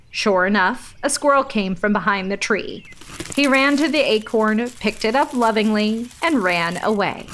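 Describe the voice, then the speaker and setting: A woman hosting a podcast and reading a children's story aloud, gentle and clear. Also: medium pitch, expressive, measured pace, slight background noise.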